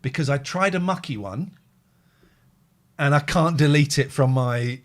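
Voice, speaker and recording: A man hosting a phone-in show in casual chat, rambling and excitable, swinging between loud outbursts and quiet musing. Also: fairly high pitch, a little slow.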